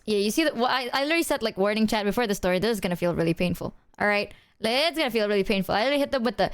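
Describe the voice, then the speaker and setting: A woman streamer telling a story to her chat in a casual, animated way, swearing freely. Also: medium pitch, rapid-fire, few pauses, clear, resonant tone.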